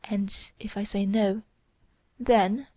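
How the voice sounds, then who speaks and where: A woman's voice: medium pitch, steady tone, slow, dark tone, no echo. Desperate, lovesick young man voiced by a woman, pleading, emotional, dry close recording. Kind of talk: audiobook character reading.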